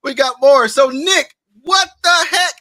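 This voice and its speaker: A man's voice: extremely high pitch, a little slow, bright, forceful tone, no echo. A man emceeing a live roast, teasing and laughing as he talks over a video call. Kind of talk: live show banter.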